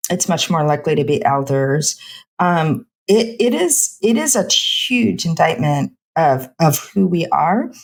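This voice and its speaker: A woman's voice: low voice, expressive, unhurried, gravelly. A middle-aged woman physician in a podcast interview, talking with passion in long run-on bursts full of "like". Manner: impassioned, speaks in run-on bursts with many "like" fillers. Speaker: physician and homelessness researcher.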